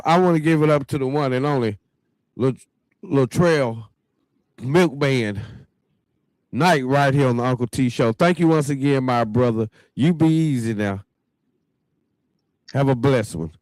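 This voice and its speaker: A man's voice: medium pitch, darkish tone, no room sound. Guy hosting a live talk show, laid back and chatty, keeps talking to the viewers, dry sound. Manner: chatty, folksy, keeps addressing viewers as y'all. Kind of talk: casual livestream show hosting.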